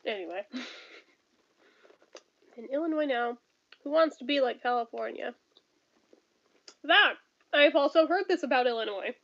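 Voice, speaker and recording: High-pitched woman in her 30s ranting on stream, cusses a lot, laughs, kinda dull lo-fi sound. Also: animated, unhurried, creaky, long pauses, a bit bright. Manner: blunt, profane, laughs often, rants. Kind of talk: casual chat reading viewer comments.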